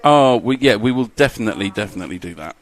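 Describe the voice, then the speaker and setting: A man's voice: fairly low pitch, lively intonation, fast talker. A man commentating a live model car race, chatty and jokey, reading out lap times.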